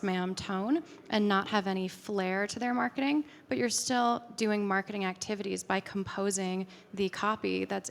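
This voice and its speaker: Woman conference speaker, chatty and filler-heavy, mid pitch, hall reverb. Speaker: conference speaker answering audience questions. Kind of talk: casual conference Q&A.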